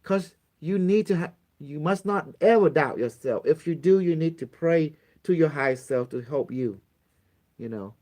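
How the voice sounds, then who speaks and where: A man's voice: fairly high pitch, animated, moderate pace, warm tone. A man giving a casual spiritual lesson to a small group, blunt and repetitive, swearing freely and acting out pleading prayers. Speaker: spiritual teacher.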